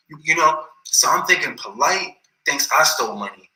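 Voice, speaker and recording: Bright-toned man telling a rambling story. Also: a little high, expressive, moderate pace, few pauses. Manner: rambling, slangy, repeats himself a lot. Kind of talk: casual storytelling. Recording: echoey room.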